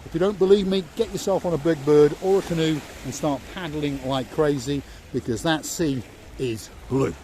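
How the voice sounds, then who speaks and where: On a seaside walking tour, a man from England with a Yorkshire accent hosts his vlog in a mellow voice that sits on the high side, speaking at normal speed. He's a chatty guide who repeats words for emphasis, recorded outdoors amid street noise.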